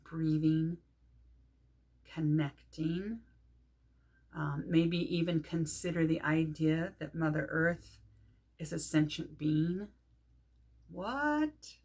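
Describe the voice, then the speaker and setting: A middle-aged woman leading a guided grounding meditation, calm and unhurried, pausing often between phrases. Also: fairly low pitch, a little hiss or hum. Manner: calm, unhurried, speaks with pauses and soft fillers. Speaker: meditation teacher.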